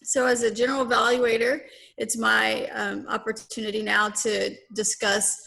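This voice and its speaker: Brief: woman with a gravelly voice running an online meeting, brisk and organized. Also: on the high side, flat delivery, bright, forceful tone. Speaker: general evaluator. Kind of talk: meeting chairing.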